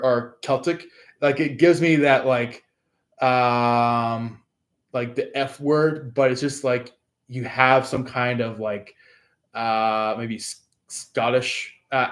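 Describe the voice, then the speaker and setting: A man's voice: mid-range voice, takes it slowly. A man giving a casual astrology reading to his viewers, rambling and hesitant, with many fillers and restarts. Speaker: tarot reader.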